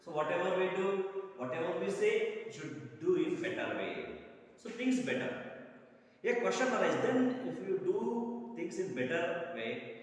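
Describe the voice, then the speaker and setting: Teacher, echoey far-off hall. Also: male voice, sits high, very animated. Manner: repeats and paraphrases each line slowly, clears throat. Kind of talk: classroom lesson explanation.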